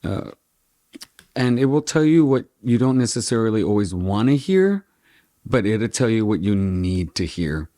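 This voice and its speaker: A man's voice: fairly low pitch, sing-song, normal speed, dark tone. A middle-aged man hosting his own tarot channel, chatting casually and with self-mocking, playful melodrama. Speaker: tarot vlogger, channel host. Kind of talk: casual vlog chat.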